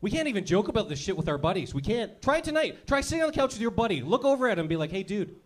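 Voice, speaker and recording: A man's voice: high-pitched, sing-song, very fast. A man doing a crude, brash stand-up comedy routine, acting out little scenes as he goes. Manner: crude, brash, acts out characters.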